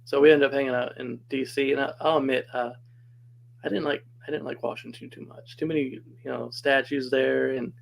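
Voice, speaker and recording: A man's voice: medium pitch, fairly even intonation, fairly quick, vocal fry, slight background noise, rough recording. A man casually telling a personal story as a podcast guest, chatty and laughing often.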